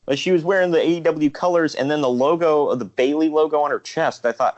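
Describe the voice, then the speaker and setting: A man's voice: fairly high pitch, fairly quick, hardly any pauses, darkish tone, lo-fi sound. A man co-hosting a casual wrestling podcast, ranting and joking and quoting people in mocking voices. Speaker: podcast co-host.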